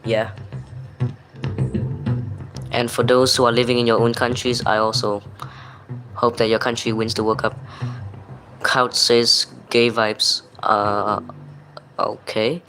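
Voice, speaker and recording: A man's voice: mid-range voice, flat delivery, slow pace, long pauses, sharp tone, faint music behind, low-quality recording. A man from Malaysia, hosting a livestream and reading viewers' chat messages aloud in a plain, apologetic way. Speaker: livestream host.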